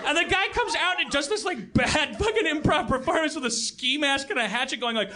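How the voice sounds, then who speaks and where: A male podcast host telling a comic story on stage, acting out characters with shouts and laughs. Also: extremely high pitch, expressive, a little fast. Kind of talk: comedic storytelling rant. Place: live stage before an audience. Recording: live theater recording with crowd.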